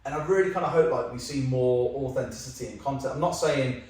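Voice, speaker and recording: A man, a company founder guesting on a podcast, telling lively anecdotes in casual chat with some swearing. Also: mid-range voice, fast talker. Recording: very echoey room, mic at a distance.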